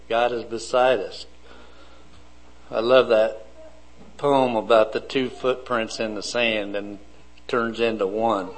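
Slow, deliberate male preacher. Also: lowish voice, low-quality recording. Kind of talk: sermon.

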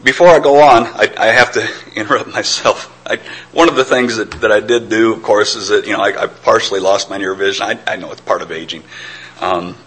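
A man's voice: fairly low pitch, brisk, a bit bright, slightly rough, poor audio. A middle-aged man preaching a sermon in an earnest, reflective way, sometimes stammering and restarting.

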